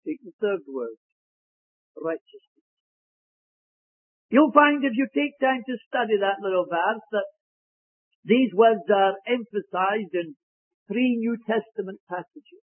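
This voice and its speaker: Preacher, male, high husky voice, deliberate, weighty emphasis, tinny dry phone-like recording. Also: lively intonation, dry recording. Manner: slow, emphatic delivery, stressing key words. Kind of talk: sermon.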